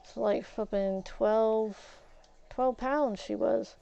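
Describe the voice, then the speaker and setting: A woman streaming a game while telling a story in a casual way, getting loud and worked up as she recounts an argument and swapping curse words for "flip". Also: on the high side, takes it slowly, vocal fry, dull audio. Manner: animated, gets loud and agitated retelling a confrontation, swaps curses for "flip".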